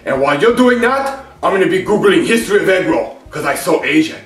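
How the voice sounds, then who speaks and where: A man voicing a rude teacher who yells insults. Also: high voice, big pitch swings, a little fast, distant mic. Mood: angry. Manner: yelling insults. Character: rude, shouting male teacher. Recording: echoey, from off-mic.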